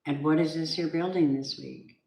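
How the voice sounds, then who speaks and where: A woman's voice: deep voice, steady tone, normal speed, vocal fry, warm tone. A woman giving a casual tarot reading, chatty and emphatic, with spiritual asides. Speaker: tarot reader. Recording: echoey room, faint background noise.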